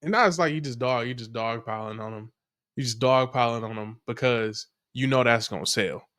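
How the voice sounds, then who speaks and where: Dude on a podcast reacting, slangy and rambling, mid pitched voice. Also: male voice, brisk, a bit bright, clean tone. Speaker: podcast co-host. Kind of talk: casual reaction chat.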